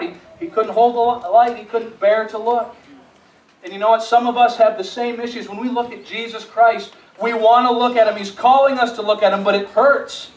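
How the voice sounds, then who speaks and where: A male pastor preaching a sermon in a church sanctuary, with a fairly high voice. He moves between quiet storytelling and rising, emphatic calls, and often repeats words as he restarts a phrase. The sound is echoey and a little distant, with a faint hiss behind. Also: steady tone, a little fast. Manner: swings from hushed storytelling to rising emphatic appeals.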